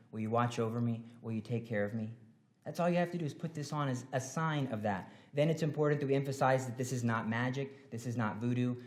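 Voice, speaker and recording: Animated man giving an earnest talk. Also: mid-range voice. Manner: animated, jumps to loud emphatic bursts; earnest and exhorting. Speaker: conference speaker. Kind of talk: devotional talk at a symposium.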